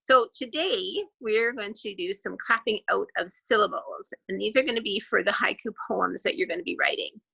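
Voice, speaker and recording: Bright, gravelly-voiced woman teacher. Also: medium pitch, low-quality recording. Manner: clapping out syllables slowly and clearly. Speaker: grade two teacher. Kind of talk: online class lesson.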